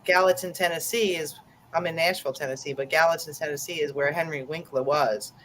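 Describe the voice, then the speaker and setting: A woman's voice: deep voice, fairly even intonation, brisk, a bit bright, a little hiss or hum, rough recording. A woman chatting casually on a podcast in a giggly, rambling way. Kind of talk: casual chat.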